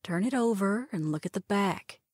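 A woman's voice: medium pitch, expressive, normal speed, breathy edge, dry recording. A woman reading as a drawling, dry-humored doctor. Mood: wry. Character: dry, self-assured woman doctor and pilot.

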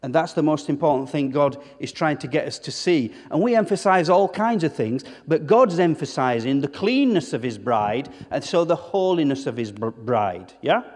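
A male pastor delivers an emphatic sermon, firing rhetorical questions at his congregation. His voice sits fairly high for a man. The sound rings with the long reverb of a church hall. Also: animated, normal speed, few pauses, darkish tone. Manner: emphatic preaching with rhetorical questions and repeated words.

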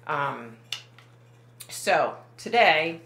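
A psychic medium speaks to the camera in a low, animated, slightly bright voice, very slowly, with reverb around her. She rambles casually, keeps backing up to correct herself, and uses lots of fillers.

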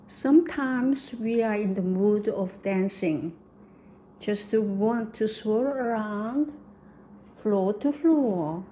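A woman's voice: mid-range voice, mellow, slight background noise. A woman giving a piano lesson, counting beats and singing rhythms aloud as she teaches. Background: piano playing.

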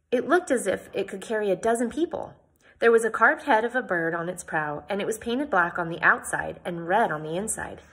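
A woman's voice: lowish voice, fairly bright tone. A woman reading a novel aloud, with plain narration and chatty comments between passages.

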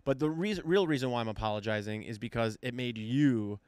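A man co-hosting a casual podcast, ribbing his partner in a deadpan teasing way. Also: mid-range voice, a little fast, clear, resonant tone, dry recording. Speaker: podcast co-host. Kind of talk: casual chat.

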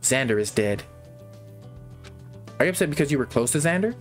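A man's voice: mid-range voice, lively intonation, a little fast, faint music behind. A man hosting a gaming channel, reading a game's character lines aloud and breaking off to comment and laugh. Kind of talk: reading game dialogue aloud with reactions.

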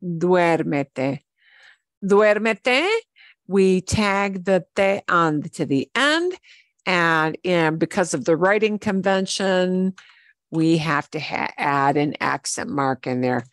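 Slow, patient woman teaching Spanish. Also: fairly low pitch, expressive, no room sound. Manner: patient, repeats words slowly for learners; switches between English explanation and Spanish examples. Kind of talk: online language lesson.

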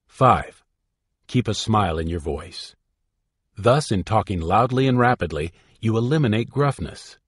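A man's voice: lowish voice, slightly rough, no room sound, studio quality. A man reading a self-help book aloud in an emphatic, instructive way. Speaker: audiobook reader. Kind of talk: scripted self-help narration.

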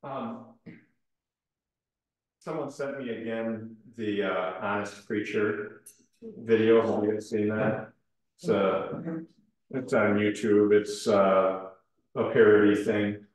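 A man's voice: lowish voice, fairly even intonation, slow pace, pauses often. A man leading an adult Bible study class in a church room, talking conversationally, asking questions and using frequent ums. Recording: roomy echoing room.

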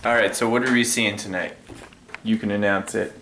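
A man's voice: fairly low pitch, steady tone, moderate pace. A man co-hosting a casual movie review chat, rambling and searching for words. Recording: noisy casual recording.

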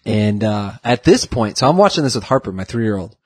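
A man's voice: fairly low pitch, sing-song, brisk, a little mellow, husky, no room sound. A man co-hosting a podcast in casual, chatty talk, laughing often. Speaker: podcast co-host. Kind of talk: casual chat.

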